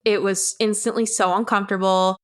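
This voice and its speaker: A woman's voice: mid-range voice, level tone, fairly quick. A young adult woman, a guest on the show, recounting a personal story in a blunt, candid way and swearing freely. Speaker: podcast guest.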